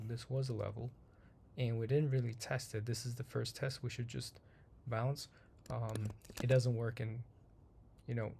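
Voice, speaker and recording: A man hosting a daily market review, talking casually through charts in a slightly hoarse voice, rambling and repeating himself with many ums. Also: medium pitch, a little mellow, a little hiss or hum. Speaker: trading channel host.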